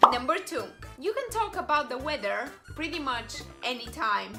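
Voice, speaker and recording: A woman's voice: high voice, very animated, moderate pace, hardly any pauses, music in the background. A woman vlogging to camera in a casual, joking way with confiding asides.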